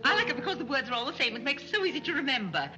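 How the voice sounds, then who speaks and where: An actress playing a flighty, scatterbrained rich matron who rambles giddily in 1930s screwball film style. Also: female voice, sits high, sing-song, racing. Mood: giddy. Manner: giddy, rambling, airheaded chatter. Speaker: scatterbrained society mother. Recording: muffled 1930s film soundtrack with music.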